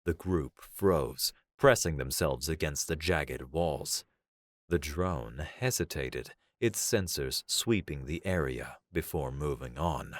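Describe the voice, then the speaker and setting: Male audiobook narrator, very deep voice, lively intonation, slow, dry close mic. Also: no room sound.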